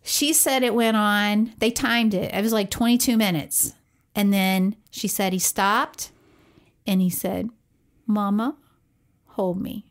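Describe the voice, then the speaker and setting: Animated woman telling a story. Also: mid-range voice, measured pace. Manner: animated storyteller who acts out quoted voices. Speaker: podcast co-host, parent. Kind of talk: casual chat.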